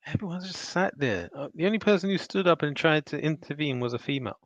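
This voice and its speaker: Gravelly man giving casual commentary. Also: on the high side, lively intonation, fast talker, a bit bright, no echo. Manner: loose, conversational, scornful asides. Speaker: teacher and news commentator. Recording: dull lo-fi dry sound.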